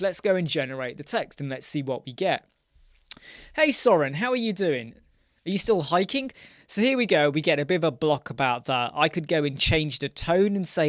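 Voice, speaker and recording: A man hosts a live question-and-answer stream, talking loosely and thinking aloud as he works through a screen demo. He breaks off to greet viewers by name and then picks his point back up. His voice sits a little high, and the sound is dry and close. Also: animated, normal speed, fairly bright tone, no echo. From United Kingdom. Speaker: host of a live web design Q&A.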